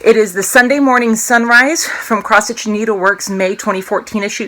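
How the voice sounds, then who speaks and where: A woman in her thirties talks casually to camera from home, her voice bright and forward. She rambles and interrupts herself, tossing in small puns along the way, with faint noise in the background. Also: mid-range voice, fairly even intonation, normal speed. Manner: rambling, self-interrupting, jokey. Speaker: cross-stitch vlogger. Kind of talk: casual chatty show-and-tell.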